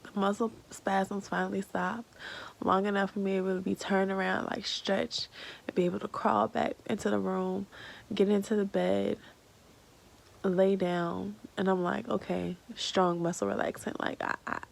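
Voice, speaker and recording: A woman in her thirties tells a personal story in a casual vlog, tearful and rambling with lots of fillers. Her voice is medium-pitched and creaky, and the recording is low quality.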